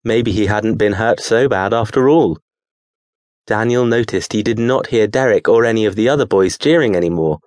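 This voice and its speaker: A man narrating an audiobook in a measured, steady storytelling manner. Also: lowish voice, no room sound, studio quality.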